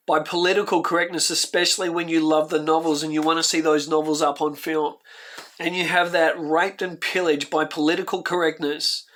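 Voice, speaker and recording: A man's voice: on the high side, pushed and bright. An Australian man hosting his own channel, giving heartfelt, rambling reaction commentary that circles back on itself, and getting emotional as he talks. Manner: heartfelt, ranting, repeats himself. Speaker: YouTube host.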